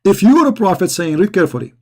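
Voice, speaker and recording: A man's voice: sits high, big pitch swings, very fast. A man giving a combative, mocking polemic monologue as a religious debater, speaking in broken English.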